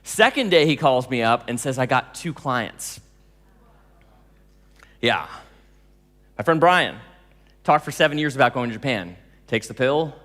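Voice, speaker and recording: A man giving a storytelling talk to an audience, animated, laughing often and acting out dialogue. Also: mid-range voice, moderate pace, pauses often, in a large hall. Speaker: speaker telling stories to an audience.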